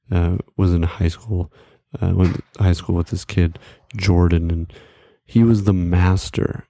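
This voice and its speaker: A man spins a comic anecdote for his podcast listeners, wandering through fillers and small laughs. His voice sits low, dark and gravelly. The sound is dry and close, with no room around it. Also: no room sound. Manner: rambling, heavy on fillers, chuckles at his own story. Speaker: podcast storyteller. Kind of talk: casual comedic storytelling.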